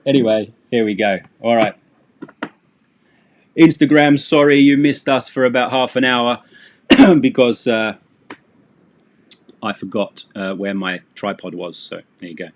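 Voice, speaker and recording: A man's voice: mid-range voice, a little slow, long pauses. A man teaching English on a live stream, chatty and rambling, with self-deprecating asides.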